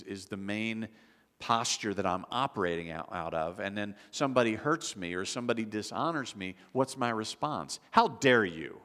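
A pastor delivers his sermon in a relaxed, conversational way, often restarting his sentences. His voice sits on the lower side. The sound carries a long reverb from a church sanctuary. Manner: conversational preaching with frequent restarts and acted quotes.

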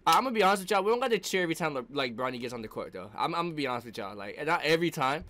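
A young man giving casual, joking reaction commentary over game highlights, talking back at the screen in slang. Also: lively intonation, rapid-fire, bright, forceful tone. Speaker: reaction streamer.

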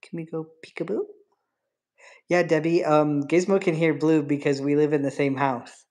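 A woman's voice: sits low, steady tone, moderate pace, darkish tone. A woman hosting a casual livestream, chatting with viewers and cooing baby talk to her pet bird.

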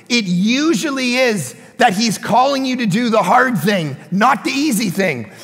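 A man preaching a sermon as pastor, telling a story with animated energy and sudden shouted bursts. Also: very high voice, vocal fry, breathy edge, in a large hall. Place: church sanctuary.

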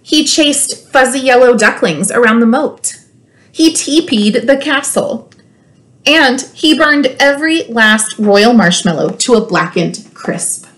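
A woman school librarian reading a children's storybook aloud, expressive and playful, with teasing asides to her listeners. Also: a little high, takes it slowly.

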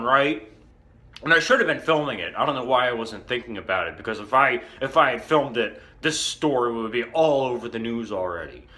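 A man's voice: medium pitch, animated, moderate pace, sharp tone. A young man ranting in a rambling comic monologue, indignant and belligerent, full of fillers. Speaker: comedy character monologue.

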